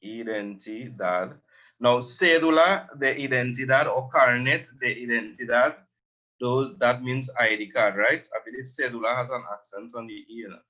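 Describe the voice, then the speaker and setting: A man teaching a language lesson, slowly explaining words and repeating them. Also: medium pitch, fairly even intonation, pushed and bright, highs cut off.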